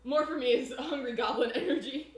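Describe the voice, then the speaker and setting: A woman's voice: high voice, fairly quick. A woman chatting casually on a live cooking stream in her home kitchen, rambling and laughing often. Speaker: baking streamer. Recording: echoey room.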